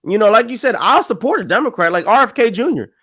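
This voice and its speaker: A man's voice: high-pitched, big pitch swings, fast, pushed and bright, husky. A man talking politics in a casual chat, stressing points by repeating them. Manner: emphatic, repeats phrases for stress.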